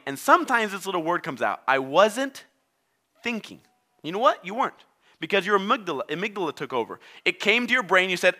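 A man's voice: high voice, lively intonation, a little fast, sharp tone. A man preaching a sermon, a native Spanish speaker who acts out voices and quotes as he talks. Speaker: pastor.

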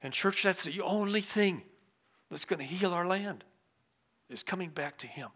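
Bright-voiced preaching man, loud then hushed. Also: sits high, normal speed. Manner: swings from loud emphasis to quiet asides. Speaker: pastor. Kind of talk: sermon.

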